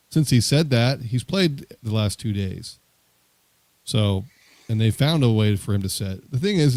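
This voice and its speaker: A man co-hosting a casual sports talk stream, talking through the team in a measured way with some fillers. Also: mid-range voice, darkish tone, no echo. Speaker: sports show co-host.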